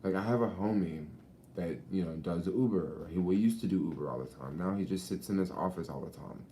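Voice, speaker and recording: A man's voice: sits low, brisk, warm tone, slight background noise. A man chatting casually in a vlog, laid-back and slangy, swearing and laughing often, talking outdoors at a beach. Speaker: vlogger. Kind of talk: casual rambling chat.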